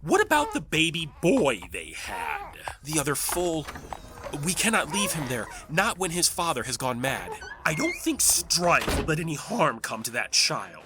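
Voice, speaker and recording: A man voicing a formal, measured stallion commander who teases dryly, in a fan audio drama. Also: a little high, huge pitch swings, background noise.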